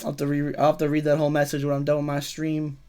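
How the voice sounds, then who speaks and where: Playful and teasing, this thirty-something gamer reads his chat aloud and answers viewers during a casual livestream. His fairly high voice stays monotone, mellow and smooth, and he talks quickly.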